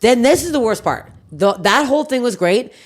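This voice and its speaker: A woman's voice: a little high, normal speed. A woman from Canada hosting a podcast, telling a story in casual chat, brash and profane, acting out the people in it. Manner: brash, profane, animated storyteller who acts out other people. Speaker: comedian and podcast host.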